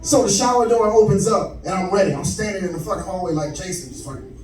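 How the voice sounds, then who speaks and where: A young man doing stand-up, telling a profane story in an animated, conversational way from a club stage. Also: high-pitched, fast. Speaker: stand-up comedian. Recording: echoey club, far mic, crowd noise. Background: audience laughter.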